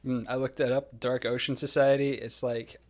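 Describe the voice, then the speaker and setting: A man's voice: medium pitch, little pitch movement, normal speed. Sardonic, profane man hosting a podcast. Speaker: podcast host. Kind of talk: casual podcast discussion.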